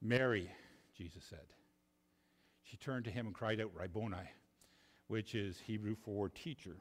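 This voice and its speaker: A man preaching a sermon, expressive, often dropping low and quiet for emphasis and repeating himself as he goes. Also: a little slow, in a large hall. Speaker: pastor.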